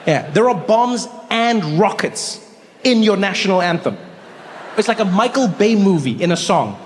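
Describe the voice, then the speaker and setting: Comedian man, animated storytelling, higher voice, long reverb on stage. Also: moderate pace, slight background noise. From South Africa. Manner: animated storytelling, asking rhetorical questions. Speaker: stand-up comedian. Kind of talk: stand-up comedy. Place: comedy stage before a live audience.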